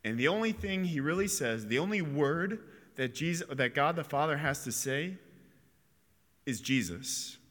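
A man's voice: on the high side, expressive, a bit bright. A man giving an earnest, reflective homily in a chapel. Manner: earnest, reflective preaching with pauses and restarts. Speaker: priest or preacher. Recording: long echo of a chapel.

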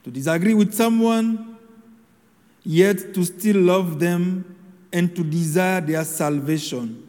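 A man delivering a sermon, his voice sitting high for a man. He speaks slowly and deliberately, pausing solemnly between phrases, and his words ring out with a long reverb as if in a large hall. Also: a little mellow. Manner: slow, measured homily delivery with solemn pauses. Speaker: preacher.

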